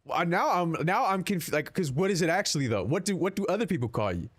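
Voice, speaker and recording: A man's voice: sits high, big pitch swings, fast. A man streaming a game, chatting casually with his chat in a rambling, profane, laid-back way.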